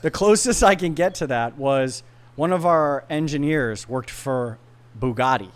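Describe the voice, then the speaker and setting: As a guest on a podcast, a man chats casually and tells stories with animation, slipping into voices whenever he quotes someone. He has a medium-pitched voice and a measured pace.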